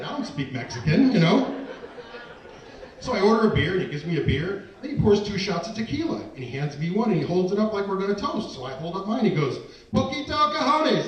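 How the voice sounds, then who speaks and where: A man's voice: high voice, a little mellow. A man doing a self-deprecating stand-up routine, telling a story with asides to the audience. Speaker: stand-up comedian. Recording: echoey room, distant mic, audience laughter. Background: audience laughter.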